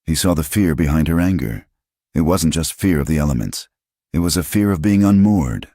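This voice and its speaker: A man narrating a story in a measured, even audiobook style. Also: a bass voice, dry recording, studio quality.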